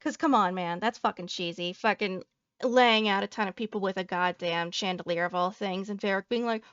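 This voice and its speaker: A woman's voice: medium pitch, brisk, fairly bright tone, smooth, no echo, highs cut off. A woman VTuber giving a salty, profane reaction commentary, ranting and joking at her viewers. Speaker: VTuber streamer.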